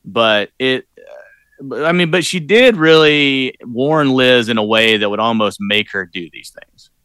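Bright-toned man musing haltingly. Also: medium pitch, animated, clean tone, no room sound. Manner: halting, restarts, wry. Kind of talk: casual movie chat.

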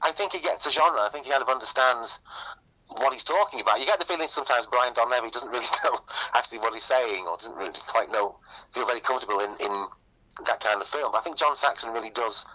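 A man's voice: medium pitch, fast, sharp tone, low-quality recording. A man co-hosting a casual film discussion, giving hesitant, rambling opinions with many fillers. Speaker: film podcast co-host.

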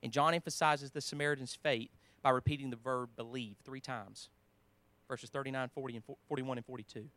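A man preaching a sermon in a conversational way, with restarts, quoting scripture, swinging between emphatic lines and quiet asides. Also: mid-range voice, fairly even intonation, fairly quick, no room sound.

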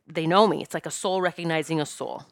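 A woman's voice: sits low, fast, a little hiss or hum. A woman, a spiritual teacher and medium, telling a personal story earnestly and emotionally, often stopping and restarting her sentences.

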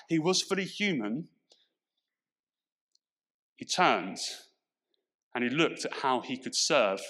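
A man's voice: on the high side, sharp tone. A man from Portsmouth with an English accent, preaching a sermon with emphatic rhetorical questions. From Portsmouth, England. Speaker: pastor.

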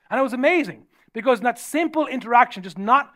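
A man's voice: very high-pitched, animated, fast talker, sharp tone. An Irish man, a pastor, preaching a sermon in a humorous, conversational storytelling way. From Ireland.

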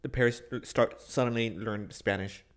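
A man co-hosting a podcast, chatting casually with playful, deadpan teasing. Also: medium pitch, normal speed. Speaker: podcast co-host. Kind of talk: casual chat.

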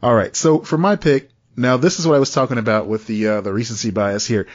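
A man co-hosts a podcast in relaxed, rambling conversation, laughing easily between points. His voice sits at an ordinary middle pitch. The recording sounds slightly dull and lo-fi. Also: fast talker. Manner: chatty, laughs often, loose asides. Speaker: podcast co-host. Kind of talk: casual chat.

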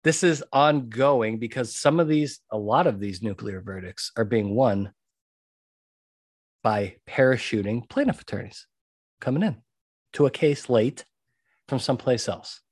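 A man's voice: medium pitch, expressive, unhurried, pauses often, dry recording, studio quality. A man hosting a podcast, talking emphatically and repeating his key points as he gives advice. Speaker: podcast host and jury consultant. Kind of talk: conversational monologue giving advice.

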